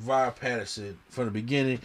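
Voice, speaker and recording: A man's voice: mid-range voice, fairly even intonation, quick pace. A man hosting a podcast, telling an emphatic, slangy story in casual movie chat and often repeating himself. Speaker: podcast host.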